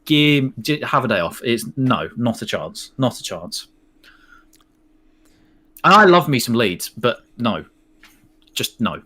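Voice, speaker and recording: A man hosts a casual live football watch-along. His voice sits at an ordinary pitch. He argues with mocking, animated rants and reads out chat. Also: takes it slowly, long pauses.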